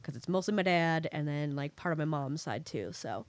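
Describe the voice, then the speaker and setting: A woman's voice: low voice, expressive, moderate pace, dry recording. A young woman co-hosting a podcast, chatting casually and teasing her friend between laughs. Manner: joking, teasing, laughs a lot. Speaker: podcast co-host. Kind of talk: casual chat.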